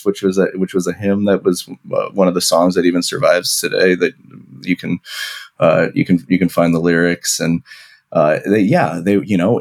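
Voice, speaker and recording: A man with a deep, low-pitched voice talks as a guest on a podcast interview. He tells history as a long, flowing story and often restarts his phrases mid-thought. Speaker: author guest.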